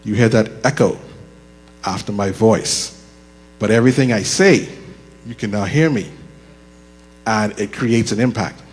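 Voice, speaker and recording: A man teaching a leadership workshop into a handheld microphone, chatty and joking, slowing down to make his points. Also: on the low side, a little mellow, husky. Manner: conversational and joking, slows down deliberately. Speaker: leadership course instructor. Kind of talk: live workshop talk. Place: church room with audible echo. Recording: reverberant hall with mains hum.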